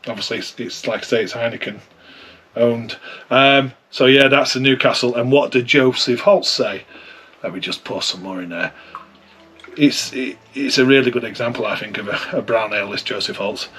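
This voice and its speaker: A man's voice: mid-range voice, normal speed, fairly bright tone, slight background noise. A man giving a casual beer tasting review, chatty and thinking aloud as he sips and compares.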